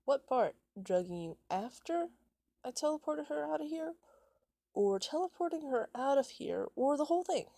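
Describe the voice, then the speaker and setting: A cocky young male prankster, as a woman puts him on, taunting in a high, sneering voice. The fan story reading has a gravelly, dark tone and a dry, close sound. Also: steady tone, slow, dry recording, exaggerated voice. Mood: mocking.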